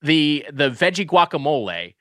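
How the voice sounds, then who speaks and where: A man talks through a fast food review in an animated, rambling way, stumbling over his words before landing on emphatic verdicts. His voice is bright and forward, recorded close and dry with no room sound. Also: fairly high pitch, dry recording. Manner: rambling, restarts often, emphatic. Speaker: podcast co-host. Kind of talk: casual comedic food review chat.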